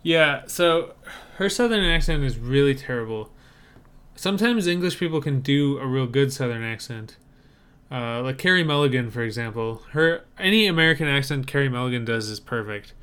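Bright, smooth-voiced opinionated man. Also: medium pitch, lively intonation, normal speed. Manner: opinionated, easygoing, with frequent fillers. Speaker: podcast co-host reviewing movie trailers. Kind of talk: casual chat.

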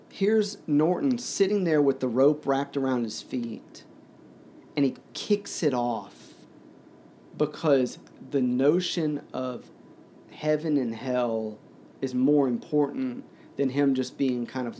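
A man's voice: medium pitch, warm tone, slight background noise. A man casually discussing a story, hesitant and full of fillers. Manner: hesitant, many fillers and restarts.

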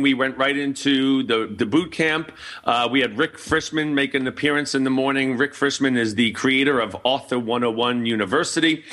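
A man's voice: medium pitch, sharp tone. A middle-aged man hosting a casual talk show, telling a rambling story full of fillers and restarts. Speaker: host.

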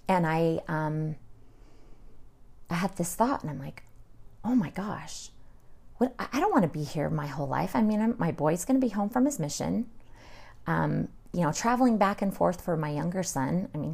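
A woman's voice: deep voice, vocal fry, a little mellow. A woman in her forties from Utah, telling her personal story as an interview guest in a chatty way, acting out past conversations with many fillers.

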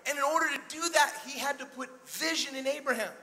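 A male pastor preaching an energetic sermon in a church, calling out to the congregation and retelling scripture in a casual, conversational way. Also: very high-pitched, quick pace. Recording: long hall reverb.

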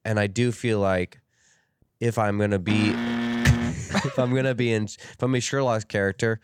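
A podcast co-host with a low voice who rambles through his answers and pokes fun at himself. He drifts into jokey accents along the way. His voice sounds close and dry. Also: steady tone, normal speed, smooth, no echo. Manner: rambling, self-deprecating, tries silly accents. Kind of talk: casual chat.

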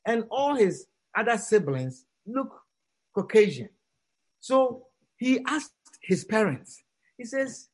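High, animated male preacher telling a story. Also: slow pace. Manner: dramatic, swings from hushed to near-shouting; acts out quoted characters. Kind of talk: sermon storytelling to a congregation.

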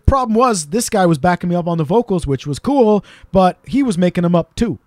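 Animated man telling funny stories. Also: high voice, dry recording, clean studio sound. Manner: animated, laughs at own stories, does quick voices of people he quotes. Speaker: podcast co-host. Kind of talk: casual storytelling chat.

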